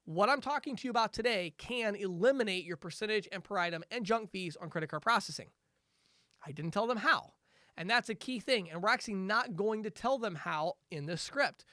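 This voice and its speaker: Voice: medium pitch, animated, fairly quick, pushed and bright, no room sound, studio quality. A sales trainer giving a recorded training lecture, coaching conversationally, repeating words for emphasis, chuckling now and then and acting out quotes from prospects.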